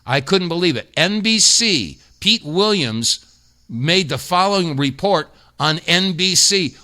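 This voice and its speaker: A man's voice: high voice, expressive, unhurried, pushed and bright. A man hosting a talk radio show, delivering indignant, emphatic commentary full of rhetorical questions. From United States.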